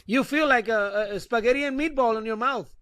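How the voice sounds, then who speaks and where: Blunt, sarcastic man with a high voice. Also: a little fast, bright, forceful tone, no room sound, clean studio sound. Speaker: podcast co-host. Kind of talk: casual chat.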